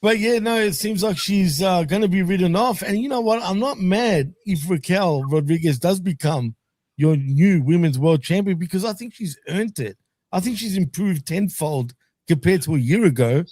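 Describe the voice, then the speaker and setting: A man's voice: high voice, expressive, normal speed, a little mellow, dry recording, clean studio sound. A man from Australia with an Australian accent, co-hosting a casual review show in a laid-back way. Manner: laid-back, laughs easily, hedging fillers. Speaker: co-host. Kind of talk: casual wrestling review chat.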